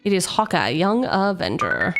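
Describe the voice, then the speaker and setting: A woman's voice: lowish voice, sing-song, normal speed, fairly bright tone, faint music behind. A young adult woman chatting playfully on a livestream, reading card text aloud and joking with her viewers. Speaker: streamer. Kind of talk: casual card-opening livestream chat.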